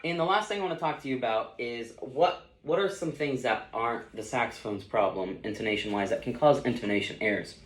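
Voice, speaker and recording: A man's voice: mid-range voice, brisk, few pauses. A young man talks through a saxophone lesson in a loose, casual way, often stopping for fillers. His mid-range voice rings in a roomy, echoing space, with saxophone notes heard between his sentences. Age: young adult. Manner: casual, loose explanations with fillers like "you know" and "um". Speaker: music student teaching saxophone. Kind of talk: instructional demonstration. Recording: roomy echo with saxophone playing. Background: saxophone notes between phrases.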